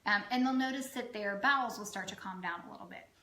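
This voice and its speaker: Chatty woman health coach, bright voice. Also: medium pitch, fast talker, reverberant, poor audio. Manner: chatty, frequent "um" fillers, self-deprecating asides. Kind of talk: casual educational talk to camera.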